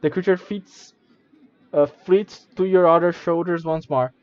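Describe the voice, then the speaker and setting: A man's voice: a little high, steady tone, unhurried, dry recording, dull audio. Stumbling man reading a gamebook aloud. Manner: reads with stumbles and self-corrections, casual asides. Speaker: streamer.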